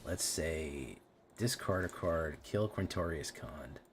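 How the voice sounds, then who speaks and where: A man's voice: a bass voice, expressive, slow pace, noisy background. A man streaming a card game, thinking aloud about his plays and swearing at his bad draws. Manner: profane, exasperated running commentary on his own plays. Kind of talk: casual live gameplay commentary.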